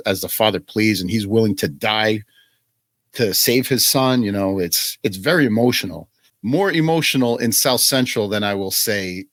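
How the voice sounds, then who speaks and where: A man's voice: lowish voice, fairly bright tone, no echo. A man co-hosting a podcast, earnestly retelling film scenes with heartfelt, casual storytelling. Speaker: guest co-host. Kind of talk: casual film review chat.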